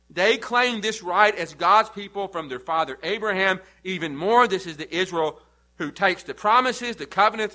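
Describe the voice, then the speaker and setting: A man's voice: high voice, bright, forceful tone, poor audio. A man preaching an expository sermon, building to emphatic repeated questions.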